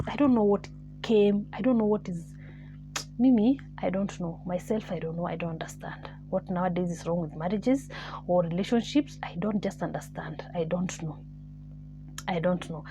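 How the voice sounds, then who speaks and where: A woman casually telling a story as a vlogger, repeating herself and dropping to near-whispers. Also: medium pitch. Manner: animated, repetitive, musing, drops to near-whispers.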